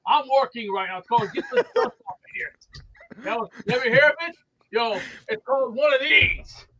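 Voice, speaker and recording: Gruff mock-annoyed man, high and tense. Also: big pitch swings, normal speed, bright, forceful tone, slight background noise, low-quality recording. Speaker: regular caller. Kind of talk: joking banter on a video call.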